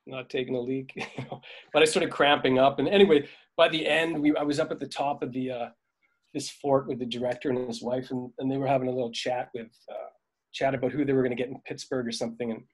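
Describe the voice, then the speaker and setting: A middle-aged man, a film crew veteran, telling rambling stories in a casual interview, with frequent fillers and laughs. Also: mid-range voice. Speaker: veteran dolly grip, guest.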